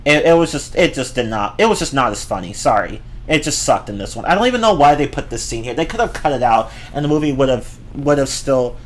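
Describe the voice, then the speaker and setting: A man's voice: mid-range voice, very animated, fast, hardly any pauses. A man giving a ranting movie review, exasperated and profane, often repeating and restarting his words.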